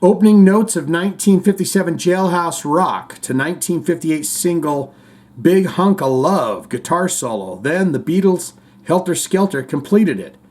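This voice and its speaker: A man's voice: fairly high pitch, lively intonation, moderate pace, darkish tone. A man hosting a casual livestream podcast, reading viewer comments aloud in a rambling, joking way with the odd swear.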